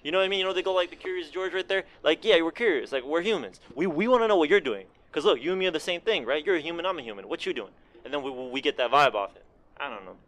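A man's voice: fairly high pitch, lively intonation, rapid-fire, fairly bright tone. A man co-hosting a casual podcast, rambling and swearing, laughing often. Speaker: podcast co-host.

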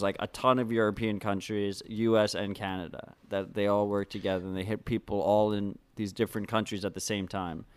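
A man's voice: fairly low pitch, smooth, dry recording. A man co-hosting a podcast, talking casually with many restarts and eager asides. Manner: halting, many restarts, enthusiastic. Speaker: podcast co-host. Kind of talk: casual chat.

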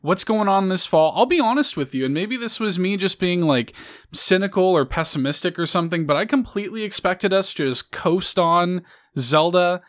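Excited man hosting a live stream. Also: high-pitched, normal speed. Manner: excited, rambling, self-correcting. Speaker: podcast host. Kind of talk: casual live-stream chat.

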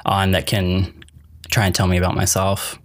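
A podcast host chatting casually, meandering and relaxed, often saying "like" and "I don't know". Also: low-pitched, moderate pace. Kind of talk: casual chat.

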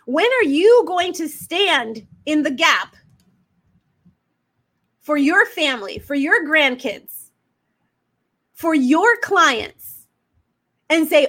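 A faith-based business coach, a woman, delivers an emphatic motivational talk in a preaching style, packed with fiery rhetorical questions. Her voice sits high and slightly bright, with a sing-song lilt, a slow pace and long pauses.

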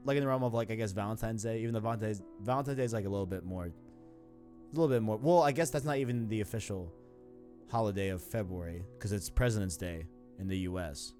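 Speaking fast in a lowish, slightly mellow voice, this New York podcast host in his twenties keeps the chat loose, slangy and meandering. Soft music plays in the background.

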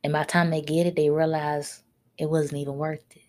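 Blunt, scolding podcast woman, low-pitched. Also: level tone, fairly quick, a little mellow. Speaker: podcast host. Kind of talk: solo podcast rant.

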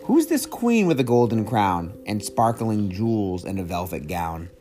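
A young man, a parent, reading a picture book aloud to his child in an animated, sing-song way and asking her questions. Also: on the low side, unhurried. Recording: music playing underneath. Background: music.

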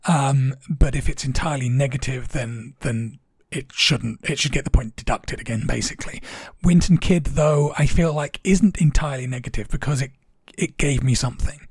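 A man's voice: mid-range voice, normal speed, darkish tone, slightly rough, no echo, clean studio sound. A man co-hosting a casual podcast, earnest and reflective, with frequent fillers. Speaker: podcast co-host.

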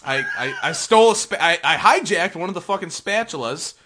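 A podcast co-host rambles casually and at length about video games, swearing freely, laughing often and restarting his sentences many times. His voice is on the high side and expressive, a little fast, against a noisy background.

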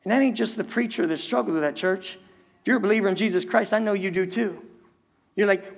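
A male pastor delivers a sermon in a church, his voice sitting high for a man. He keeps turning to the congregation with rhetorical questions and restarts his phrases as he goes. A long hall reverb trails every line. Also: a little fast, gravelly. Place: church sanctuary.

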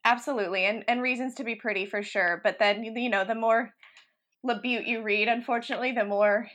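A woman with a bright, sharp voice, a little higher than most, recalling old times with a friend. She laughs easily and pokes fun at herself as she talks. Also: fairly even intonation, a little fast. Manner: giggly, chatty, self-mocking. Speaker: actor, friend. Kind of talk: casual chat, reminiscing.

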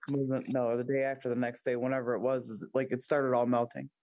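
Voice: medium pitch, level tone, fast talker, darkish tone, no echo, studio quality. An adult co-host talking frankly in casual chat, telling stories with quoted asides.

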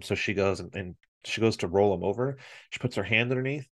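A man in his thirties with a deep, low voice tells a family story as a podcast co-host. He is animated and slips into his relatives' voices as he goes. The sound is dry and close, with no room echo. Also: brisk. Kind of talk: casual chat.

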